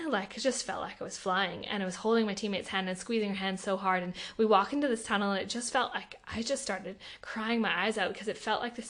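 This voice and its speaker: Bright-voiced young Australian woman storyteller. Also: medium pitch. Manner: animated, emotional storytelling with many fillers. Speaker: podcast guest, Olympic athlete. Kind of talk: casual interview conversation.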